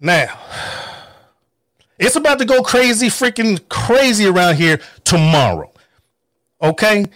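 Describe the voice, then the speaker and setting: A man with a high, swooping voice rants in anger, swearing hard and driving every point home with heated emphasis. The recording is dry and close, with no room sound. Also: big pitch swings, a little slow, long pauses, a bit bright, dry recording. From North Carolina, US. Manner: mocking quoted voices. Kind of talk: angry political rant.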